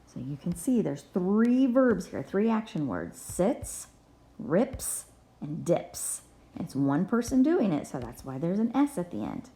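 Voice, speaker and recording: A woman's voice: on the low side, very animated, a little slow, dark tone. A woman teacher giving a reading lesson to young children, patiently spelling words out letter by letter.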